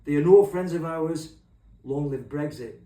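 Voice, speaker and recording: A middle-aged man hosts a comic monologue, delivering a rambling, crude, sweary rant. His voice is a little high and warm, and he speaks at a measured pace. He's recorded off-mic from a distance in an echoey room.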